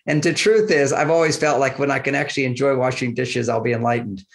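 Talking fast in a mid-range voice, a male guest in a conversational interview tells easygoing anecdotes about relationships. He plays out the dialogue and frequently chuckles.

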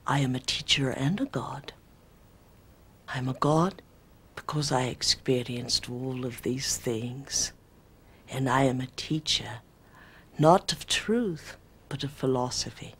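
A woman's voice: a bass voice, takes it slowly, long pauses, breathy edge, voice pushed down, full character voice. A woman voicing an ancient male spirit teacher in a put-on British accent, making archaic, pompous pronouncements. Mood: solemn.

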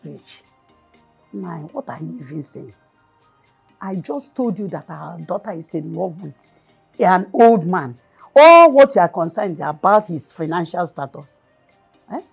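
A woman with a Nigerian accent playing a scandalized mother in a film, scolding in a husky voice. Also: deep voice, expressive, unhurried, long pauses, dark tone, full character voice. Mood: outraged. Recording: film sound with faint music.

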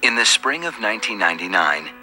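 Low-voiced male documentary narrator. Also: sing-song, fast, pushed and bright. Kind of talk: scripted narration. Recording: music bed behind voice. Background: music.

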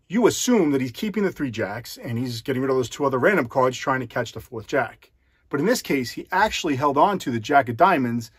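Husky-voiced man explaining a con. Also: mid-range voice, no room sound, clean studio sound. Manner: conversational, addresses the viewer directly. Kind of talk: explanatory talk to camera.

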